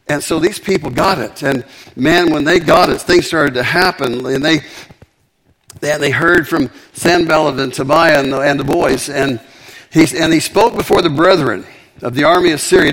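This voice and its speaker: A man preaching a sermon with emphatic, animated delivery and frequent repetitions. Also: on the high side, breathy edge.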